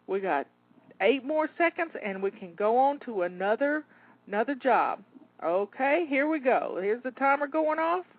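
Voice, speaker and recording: A woman's voice: high voice, expressive, moderate pace, no echo. A woman coaching listeners through a timed kitchen cleanup, upbeat and encouraging, a little out of breath. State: slightly out of breath. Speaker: home organizing coach. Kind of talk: live cleaning pep talk. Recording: tinny phone-like audio.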